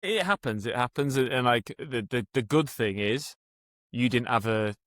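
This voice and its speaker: A man's voice: mid-range voice, expressive, moderate pace, a bit bright, dry recording, studio quality. A man, a rehab coach hosting a podcast, talking in a chatty, encouraging way with plenty of filler words. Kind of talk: casual interview talk.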